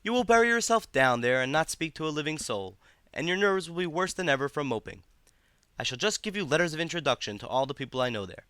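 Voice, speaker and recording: A man's voice: on the high side, very animated, fast talker, pushed and bright, clean tone, dry recording, studio quality, voice pushed up. An insistent, fussing sister, voiced by a man. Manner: emphatic, insistent.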